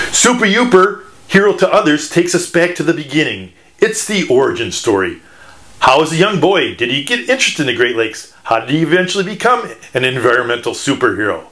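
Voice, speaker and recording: A man from Michigan talks to schoolchildren like a teacher, playful and fond of puns. His voice sits a little high and swoops all over as he explains. He keeps it upbeat and animated the whole way through. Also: fairly quick. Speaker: children's author. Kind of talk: educational talk for children.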